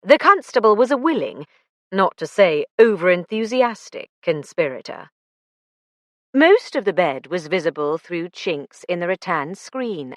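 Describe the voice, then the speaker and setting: Expressive woman audiobook narrator. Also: on the low side, no room sound, studio quality. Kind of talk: scripted narration.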